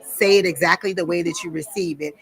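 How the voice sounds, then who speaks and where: Leading a workshop at a psychic fair, this woman speaks briskly in a lowish, steady voice. Her delivery is casual and blunt, and she performs the voices she quotes, all in the fair's event room.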